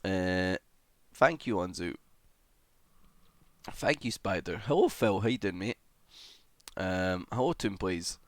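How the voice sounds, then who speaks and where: A young man chats casually on a livestream, reeling off greetings to viewers and dropping swear words as he goes. His voice sits fairly low. The sound is dry and close, with no room echo. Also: slow pace, pauses often.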